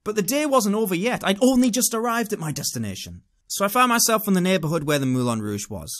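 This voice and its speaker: A British man tells a personal story to camera, sardonic and animated. His voice sits somewhat high for a man and swings widely up and down as he dramatizes each moment. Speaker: vlogger. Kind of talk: casual storytelling monologue.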